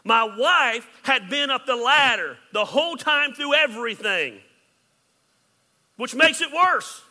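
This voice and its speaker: Pastor, male, high sharp voice; candid and jokey, loud then hushed, hall reverb. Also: expressive, takes it slowly. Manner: candid, joking, swings between loud and hushed. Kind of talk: sermon.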